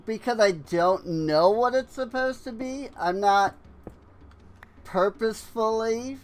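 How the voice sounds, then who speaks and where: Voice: medium pitch, slow. A streamer giving casual game commentary with chatty, self-deprecating asides.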